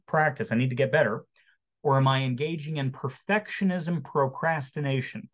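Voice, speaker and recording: A man in his forties giving a motivational webinar talk as a therapist, lively and acting out quotes and jokes for an online audience. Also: mid-range voice. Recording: dull lo-fi webinar audio.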